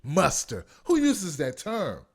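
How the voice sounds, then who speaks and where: Animated, profane man from D.C. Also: on the high side, slow pace. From Washington, D.C. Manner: profane, blunt, mocking, no filter; reads viewer comments aloud. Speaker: host. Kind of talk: live call-in commentary show.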